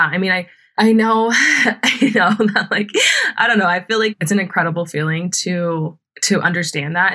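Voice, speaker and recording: Deep-voiced, pushed and bright, the young podcast host shares a personal story in a chatty manner. Fillers, frequent laughter and free swearing run throughout.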